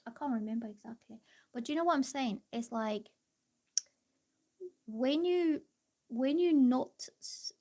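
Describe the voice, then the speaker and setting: A woman's voice: high voice, a little slow, pauses often, dark tone. A woman giving live-stream tarot readings, chatty and reassuring, rambling with many fillers. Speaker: tarot reader.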